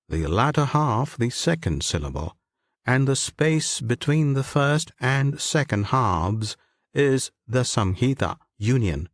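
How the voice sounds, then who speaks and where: A man narrating an ancient sacred text, unhurried and deliberate. His pitch rises and falls freely as he reads in a solemn, measured way. The sound is dry and close, with no room around it. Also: dry recording. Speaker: scripture reader.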